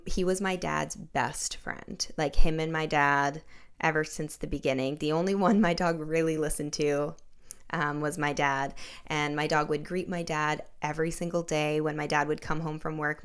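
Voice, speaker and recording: Low, gravelly young woman chatting. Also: fairly even intonation, normal speed. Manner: chatty storytelling with many likes and you-knows. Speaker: podcast host. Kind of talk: casual conversational interview.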